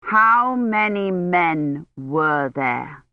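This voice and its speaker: A woman reading a kind young male knight who speaks slowly and over-distinctly. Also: on the low side, animated, no echo, lo-fi sound. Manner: slow, over-distinct, emphatic speech.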